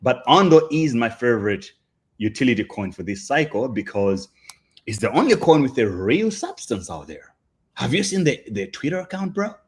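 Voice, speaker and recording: A man's voice: mid-range voice, big pitch swings, moderate pace, breathy edge. A man hosting a livestream show, chatting in a hyped, slangy way. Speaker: show host. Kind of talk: casual livestream chat.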